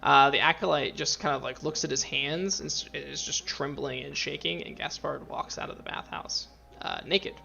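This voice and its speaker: A man's voice: on the high side, moderate pace, vocal fry, bright, forceful tone, highs cut off, a little hiss or hum. A man narrating as game master in a rambling way, full of fillers and restarts.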